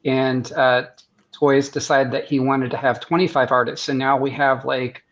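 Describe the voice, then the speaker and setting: A man's voice: mid-range voice, flat delivery, normal speed, fairly bright tone. An American man, a guest artist and surgeon, telling stories in a rambling way with many restarts on a video-call podcast. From United States. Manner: rambling, restarts often, laughs at his own stories. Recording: muffled lo-fi sound.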